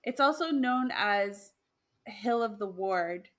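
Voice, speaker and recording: A woman's voice: medium pitch, expressive, slow pace. A woman co-hosting a podcast, chatting casually about old stories, with lots of fillers, restarts and laughter. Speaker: podcast co-host sharing myths. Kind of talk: casual conversational chat.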